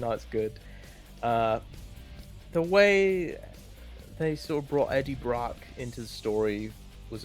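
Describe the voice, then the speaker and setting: A man chatting casually and rambling as he ranks films, with many restarts and fillers. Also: medium pitch. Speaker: co-host ranking films. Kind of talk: casual opinionated chat.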